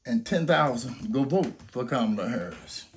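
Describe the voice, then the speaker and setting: A man's voice: medium pitch, expressive, normal speed, slight background noise. An older man making an impassioned, preacher-like appeal, full of rhetorical questions and story scenarios. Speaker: grandfather urging people to vote.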